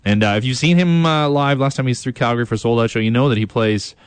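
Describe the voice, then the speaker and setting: A man's voice: medium pitch, fast, clear, resonant tone, no echo. A male radio DJ talking in a chatty, rambling way, with fillers and repeats, from a radio studio on a close mic. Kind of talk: upbeat radio DJ patter.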